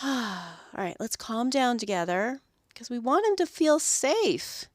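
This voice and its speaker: Animated woman telling grooming stories. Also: fairly high pitch, unhurried, dry recording, clean studio sound. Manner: animated storytelling, acts out owners and dogs. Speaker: podcast host, dog groomer. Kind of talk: solo podcast monologue.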